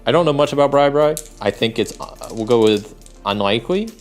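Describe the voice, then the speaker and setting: A man's voice: mid-range voice, lively intonation, fairly quick, soft background music. A man narrating his own solo tabletop game, thinking aloud and rolling dice, with a rambling manner full of fillers. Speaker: solo game master and player.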